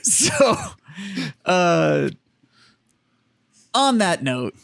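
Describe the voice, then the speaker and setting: A man's voice: high voice, big pitch swings, extremely slow, creaky, fairly bright tone, dry recording, studio quality. A man co-hosting a podcast in casual, profane chat. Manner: profane, hearty. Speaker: podcast co-host.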